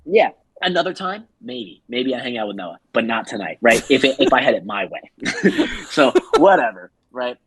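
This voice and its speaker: A man's voice: medium pitch, big pitch swings, normal speed, fairly bright tone, slight background noise, low-quality recording. A man on a podcast telling a long story in a casual, rambling way, full of fillers, and acting out the people he quotes. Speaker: podcast co-host.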